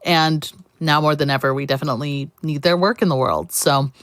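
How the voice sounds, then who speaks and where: Woman, marathon host, lower voice, dry close sound, chatty and upbeat, thanking donors. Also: fairly even intonation, a little fast, a bit bright, dry recording. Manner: upbeat, chatty, reads out donations. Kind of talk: live charity stream hosting.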